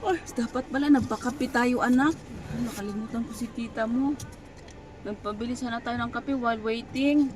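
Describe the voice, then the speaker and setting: A woman's voice: on the high side, fairly quick. A young Filipino mother chatting casually on a vlog, coaxing and scolding her toddler while waiting outside. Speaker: mother vlogging with her children. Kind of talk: casual vlog chat, mixing Tagalog and English. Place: outdoors waiting near a clinic. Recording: noisy traffic behind. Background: passing vehicles.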